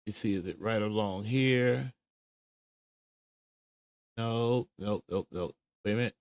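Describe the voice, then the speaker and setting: A man's voice: on the low side, slow pace, pauses often, a little mellow, no room sound. A man hosting a casual livestream commentary show, chattily talking himself through searching for a clip. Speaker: show host.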